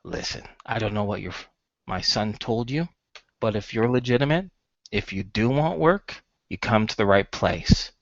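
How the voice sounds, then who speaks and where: Stern middle-aged dad, played by a man: blunt, scolding, lively delivery. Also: medium pitch, measured pace, no echo, lo-fi sound. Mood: calm. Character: gruff middle-aged male shop owner, stern father.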